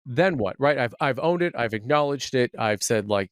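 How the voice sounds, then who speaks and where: A man's voice: mid-range voice, animated, normal speed, smooth, no echo, studio quality. A man hosting a podcast interview, asking curious follow-up questions and restating his guest's ideas. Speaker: podcast host.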